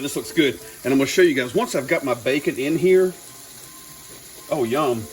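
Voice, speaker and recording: Man, cooking show host, casual and jokey, mid-pitched voice, sizzling pan and faint music behind. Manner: upbeat, jokey, chatty asides.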